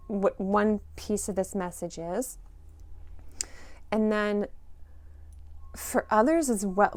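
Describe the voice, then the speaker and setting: A woman giving a spoken intuitive reading to parents, gentle and reflective, musing aloud with fillers. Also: medium pitch, dry recording. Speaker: intuitive reader.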